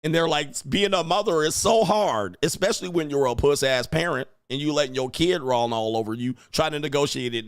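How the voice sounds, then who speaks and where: A man's voice: medium pitch, normal speed, smooth, dry recording, studio quality. A man giving casual, profane reaction commentary on parenting clips, blunt and laughing often.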